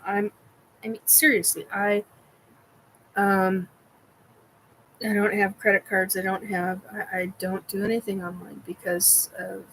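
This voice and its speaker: A woman's voice: mid-range voice, a bit bright, a little hiss or hum, poor audio. A middle-aged woman hosting a casual live-stream chat, rambling with many fillers and restarts while she answers viewers.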